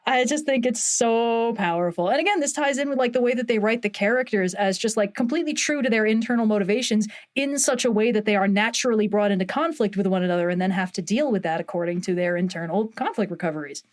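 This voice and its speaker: A woman talking casually and enthusiastically on a podcast, animated and swearing now and then. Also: medium pitch, quick pace, few pauses. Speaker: podcast guest.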